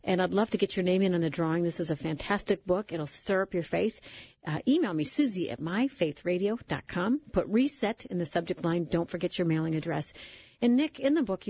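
A woman hosting a radio interview show, reading promos and introducing her guest in a friendly, brisk way. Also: on the low side, gravelly, darkish tone, husky, no room sound. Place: radio studio. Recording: slightly dull, dry radio studio sound.

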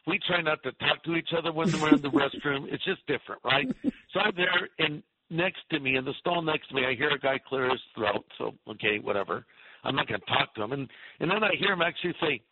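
A middle-aged man, a pastor, tells a story in a radio interview and acts out each person's lines. His voice sits a little high and sounds husky. It comes through dry and tinny, like a phone line. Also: lively intonation, fairly quick, no echo.

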